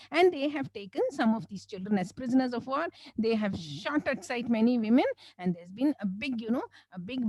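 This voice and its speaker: A woman from South India, telling a religious story with a lively, swooping delivery and a fairly high pitch. Her tone is mellow and soft-edged, and the sound is close and dry with little room around it. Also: no echo, low-quality recording. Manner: animated storyteller, frequent "you know" and devotional phrases. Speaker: Islamic lecturer.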